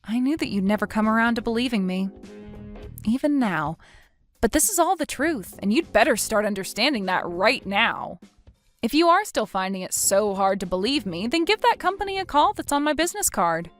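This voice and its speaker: A woman's voice: a little high, very animated, moderate pace, soft background music. A woman reading a scripted text story aloud in a firm voice. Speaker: story narrator.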